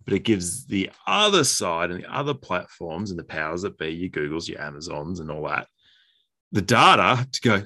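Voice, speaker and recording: A man's voice: deep voice, sing-song, normal speed, bright, forceful tone. A man making blunt, opinionated points in a casual podcast chat, swearing now and then. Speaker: podcast co-host.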